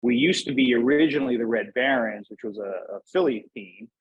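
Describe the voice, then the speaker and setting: A man's voice: mid-range voice, a little fast, husky, phone-quality sound. A man from Northeast Pennsylvania, a guest in a casual interview, talking in a rambling way with many fillers and restarts. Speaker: podcast guest.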